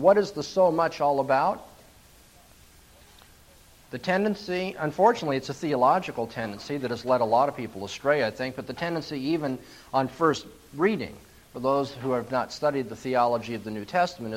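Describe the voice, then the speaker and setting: Male preacher, somewhat high voice, deliberate and emphatic, stressing words for the congregation. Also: poor audio. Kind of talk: sermon.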